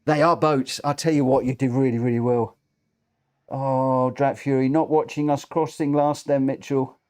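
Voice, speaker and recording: A man commentating a racing game live, excitable, cheering drivers on and breaking into shrieks of laughter. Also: mid-range voice, moderate pace. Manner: cheers drivers on with repeated phrases.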